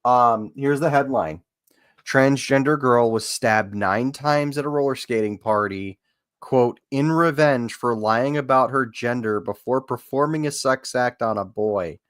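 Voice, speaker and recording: Slow, halting man reading headlines. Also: medium pitch, a bit bright, no room sound, studio quality. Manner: hesitant, halting, many fillers. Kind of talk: casual chat, reading headlines.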